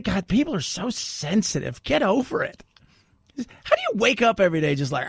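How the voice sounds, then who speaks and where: A man's voice: high-pitched, very animated, fast talker, gravelly, husky, no room sound, studio quality. A man hosting a talk radio show, delivering an opinionated monologue with sarcastic, mocking asides.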